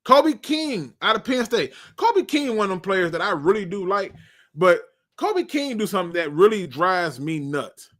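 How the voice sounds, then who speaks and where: A man hosting a live football draft stream in casual, joking speech. His voice sits high and jumps all over the place. The tone is bright and sharp. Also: moderate pace. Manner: animated, joking, colloquial. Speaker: sports show host.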